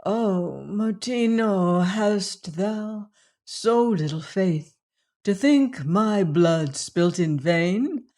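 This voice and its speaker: Gentle lady voiced by a narrator, slow, tender, storybook vision. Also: mid-range voice, lively intonation.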